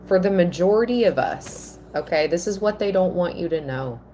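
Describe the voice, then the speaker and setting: A woman giving a live tarot reading, slow and earnest, at times emotional. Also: on the low side, lively intonation, dark tone, slight background noise. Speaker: tarot reader.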